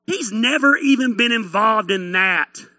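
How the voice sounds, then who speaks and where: A man's voice: high voice, extremely slow, a little mellow, no room sound. A man putting on a sneering backwoods mocker. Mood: mocking. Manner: sneering, mocking taunts. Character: mocking backwoods male critic sneering at builders.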